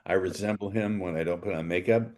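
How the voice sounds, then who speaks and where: A man's voice: deep voice, quick pace, darkish tone. Playful man hosting a podcast. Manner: playful, jokey, theatrical emphasis. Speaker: podcast host. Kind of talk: lively podcast interview.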